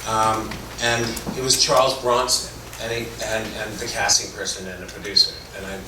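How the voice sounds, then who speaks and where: A man's voice: on the low side, little pitch movement, normal speed. A middle-aged man from Toronto, an actor on a convention panel, telling rambling, self-deprecating stories. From Toronto, Canada. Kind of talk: anecdotal storytelling. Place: convention hall. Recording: echoey hall, distant mic, background noise.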